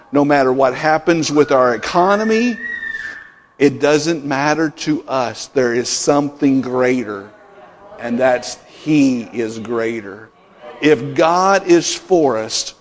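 A middle-aged male pastor preaching a sermon, building emphasis through repeated declarations. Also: medium pitch. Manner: preaching with rising emphatic repetitions. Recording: long reverb in a hall.

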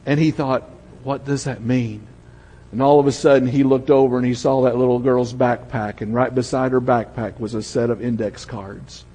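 An older man with a Southern American accent, preaching a sermon and telling stories, softening to a hush at tender moments. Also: medium pitch, fairly even intonation, normal speed, slightly rough. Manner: storytelling, drops to a soft hush for emotional moments. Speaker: pastor. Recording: long hall reverb.

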